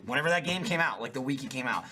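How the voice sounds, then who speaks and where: A man on a podcast, excitable and swearing freely as he tells a story in casual chat. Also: medium pitch, very fast, breathy edge. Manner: excitable, swears a lot, lively impressions. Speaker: podcast host.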